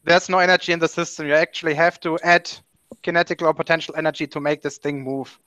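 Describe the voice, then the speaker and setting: Host, man, bright higher voice, chatty and laughing, dry close mic on a call. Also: fairly even intonation, no room sound. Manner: laughs often, quick and chatty. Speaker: hangout host. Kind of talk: casual online group chat. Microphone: computer mic on a video call.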